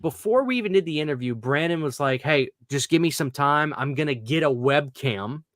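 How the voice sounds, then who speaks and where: Rambling, excitable podcast host man. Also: fairly high pitch, fairly quick, no room sound, studio quality. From Louisiana, US. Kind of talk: casual chat.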